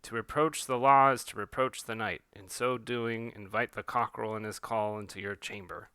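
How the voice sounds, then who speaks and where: A man's voice: lowish voice, fairly even intonation, moderate pace, bright, forceful tone, clear, resonant tone, no room sound. A man voicing a stern female religious enforcer, solemn and scriptural, speaking as if citing doctrine.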